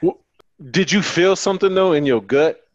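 A man co-hosting a podcast in casual chat, breaking in with quick questions and reactions. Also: a little high, expressive. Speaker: podcast co-host. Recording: muffled, from off mic.

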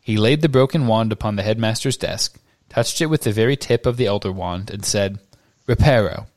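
A low-voiced man reads a novel aloud for his podcast at a steady, measured pace. The recording is dry and close, with almost no room sound. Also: dry recording. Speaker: podcast co-host.

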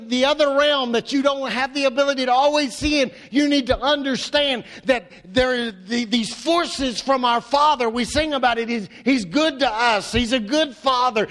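A man preaching a sermon as pastor, impassioned, often repeating his words and swinging from low murmurs to high emphatic calls. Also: a bit bright. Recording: long hall reverb.

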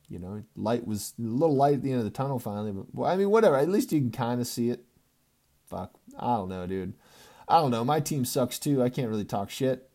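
A young man casually recapping his fantasy football league for his friends, swearing constantly and swinging between mumbled asides and loud ribbing. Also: lowish voice, creaky.

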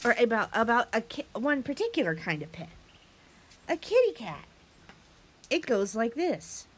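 A woman hosting a children's sing-along lesson, speaking in an animated, sing-song way to young listeners and her dog. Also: a little high, normal speed, husky. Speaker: children's show host.

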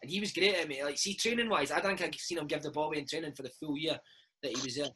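A Scottish man in his thirties, a former footballer telling animated stories in a casual interview chat, dropping "mate" into every other line. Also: a little high, racing, slight background noise, poor audio. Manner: animated storytelling, peppered with "mate". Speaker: former footballer and podcast host, interview guest.

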